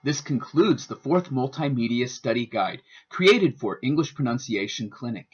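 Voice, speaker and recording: A man giving a scripted instructional narration as a student presenter, with a careful, deliberate teaching delivery. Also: medium pitch, expressive, slightly rough. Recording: dull lo-fi voice-over.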